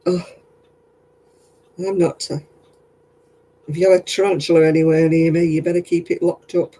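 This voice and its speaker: A man's voice: fairly high pitch, flat delivery, normal speed, dark tone, dry recording, low-quality recording. A tired man, chatting casually with livestream viewers as he crafts, rambling and often laughing. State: tired, yawning.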